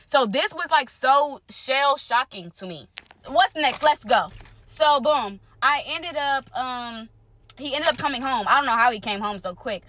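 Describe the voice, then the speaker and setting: A young woman telling a personal story to her viewers in casual, animated speech, repeating phrases for emphasis. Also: sits high, unhurried, slight background noise. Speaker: storytime creator.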